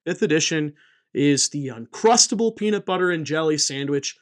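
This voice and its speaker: A man hosting a comedic vlog, with a voice that sits a little high and swings widely in pitch. He talks in a playful, jokey way, full of energy. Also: animated, moderate pace. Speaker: channel host and game designer.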